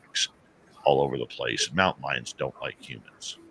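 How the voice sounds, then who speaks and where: A man, a paranormal radio host, telling an animated story as an interview guest and acting out the dialogue. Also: very deep voice, moderate pace, creaky, a little hiss or hum. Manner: animated storyteller who acts out quoted dialogue.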